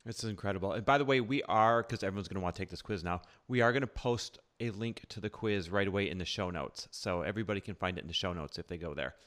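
A man's voice: sits low, fast, hardly any pauses, a bit bright. A man hosting a podcast, interviewing a guest with enthusiasm and asking long questions. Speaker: podcast host.

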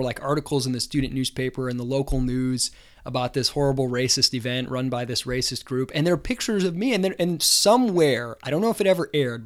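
A man hosting his own show, casually telling an embarrassing story in an animated, self-deprecating way, full of fillers. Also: mid-range voice. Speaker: host.

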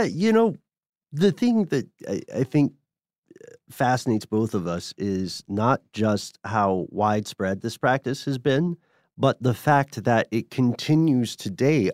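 A man co-hosting a casual podcast chat, calmly explaining and steering the topic. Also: mid-range voice, measured pace, no room sound, clean studio sound. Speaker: podcast co-host.

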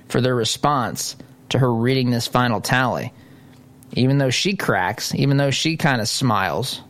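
A male talk radio host runs a political monologue with sarcastic indignation. His voice sits at an everyday middle pitch. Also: fairly bright tone.

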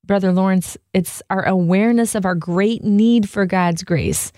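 An earnest woman co-hosting a faith chat, her voice soft and mellow. She talks from the heart in a loose, conversational way, full of little fillers. The sound is close and dry. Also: medium pitch, unhurried, dry recording. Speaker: co-host. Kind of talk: casual devotional chat.

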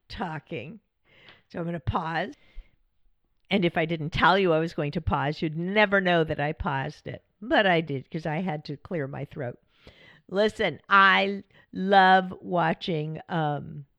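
Chatty woman podcast host, lowish voice. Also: dry recording, highs cut off. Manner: warm, chatty, laughs often. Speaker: podcast host and widow coach. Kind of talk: casual podcast monologue.

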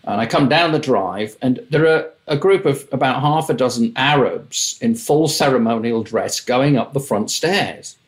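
An older man, a music manager, telling wry, lively anecdotes in an interview and acting out the voices in his stories. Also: medium pitch, measured pace, few pauses. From England. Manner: wry, lively raconteur, mimics voices in quotes.

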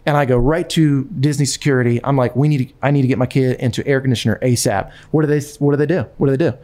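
A man in casual conversation, telling a personal story in an animated way with frequent restarts and repetitions. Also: mid-range voice, rapid-fire.

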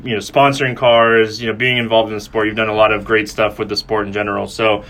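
Bright-toned male podcast host. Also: fairly low pitch, flat delivery, fast. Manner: loose, filler-heavy questioning. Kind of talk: casual interview.

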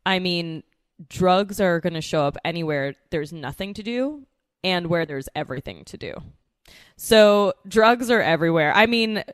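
A young New York City woman co-hosts a podcast, chatting casually and cracking jokes, often restarting her sentences. Her voice sits on the low side with lively intonation and a moderate pace. The recording is smooth, echo-free and studio quality.

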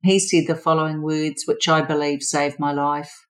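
Low-voiced older New woman. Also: little pitch movement, low-quality recording. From New Zealand. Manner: measured, earnest recounting. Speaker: former therapist sharing her story. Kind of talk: personal testimony.

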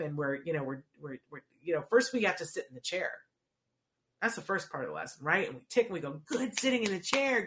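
A woman with a lowish, sharp-toned voice works as a child language therapy coach. In an easygoing, conversational way, she explains to parents how to teach a child words, often pausing to ask "right?"

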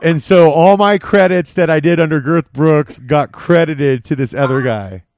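A man's voice: fairly high pitch, normal speed, darkish tone, a little hiss or hum. A man hosting a podcast in casual chat, rambling and giggling through crude jokes. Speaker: podcast host.

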